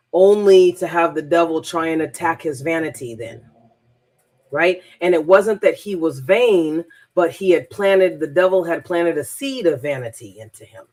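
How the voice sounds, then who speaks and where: A transformational coach telling a personal story in a rambling, emphatic monologue, often repeating words. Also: mid-range voice.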